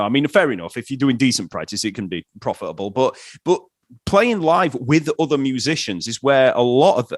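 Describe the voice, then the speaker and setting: A man's voice: fairly high pitch, no echo, studio quality. A man hosting an interview, laid-back, reading tips from a list with many fillers. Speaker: interview host. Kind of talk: casual interview.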